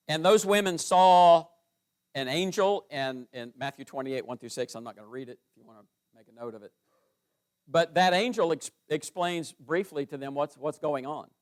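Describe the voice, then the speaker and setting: A middle-aged man teaching through a Bible passage verse by verse, reading scripture aloud with rising emphasis. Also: medium pitch.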